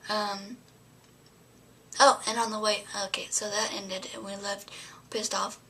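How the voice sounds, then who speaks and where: A woman's voice: mid-range voice, level tone, unhurried, bright, forceful tone, slightly rough. A young adult woman vlogging, telling a story to camera in a rambling way, full of fillers and often dropping to a whisper.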